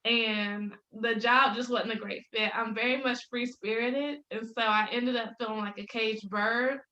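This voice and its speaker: A woman's voice: a little high, steady tone, a little slow, sharp tone, muffled recording. A woman in her thirties, a business coach talking as a podcast guest, upbeat and laughing often as she tells stories. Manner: upbeat, laughs often, faith-filled storytelling. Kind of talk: casual interview chat. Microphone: video call. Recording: roomy echo.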